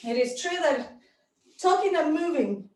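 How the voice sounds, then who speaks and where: Woman yoga teacher, high voice, slow unhurried cues, encouraging, very echoey room, distant mic. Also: expressive, darkish tone. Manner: encouraging cues in short commands, breathing and moving while talking. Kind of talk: live yoga class instruction.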